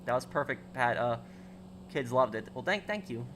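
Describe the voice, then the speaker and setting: A man's voice: medium pitch, animated, moderate pace, fairly bright tone, a little hiss or hum. A man streaming a game, chatting casually with viewers and reading chat aloud, with lots of fillers and restarts. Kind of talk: casual live-stream chat while gaming.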